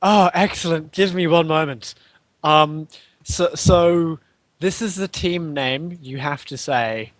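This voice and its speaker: A man's voice: fairly high pitch, slow, no echo. A man running a tabletop game as game master, rambling and hesitant with frequent laughs.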